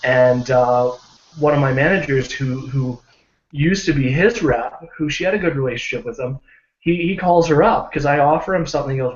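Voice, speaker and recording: A man's voice: medium pitch, moderate pace. A man on a group video call, casually telling a success story and acting out the people in it. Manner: animated, acts out quoted voices. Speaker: team member sharing a success story. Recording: roomy, dull lo-fi video call audio.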